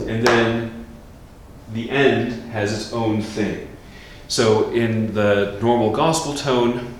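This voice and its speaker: A priest teaching how to chant a gospel, explaining casually and breaking into sung chant. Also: male voice, recorded from a distance. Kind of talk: informal chant lesson. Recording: very echoey room, faint rumble.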